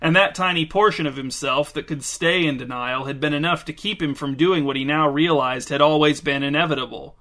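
Male storyteller, dry measured reading, bright slightly high voice. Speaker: narrator. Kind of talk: scripted story narration.

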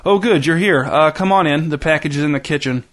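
A man voicing Alex, a jittery young man turned amateur hostage-taker, insistent and prone to shouting, in a storybook reading. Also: a little high, a little fast, natural voice.

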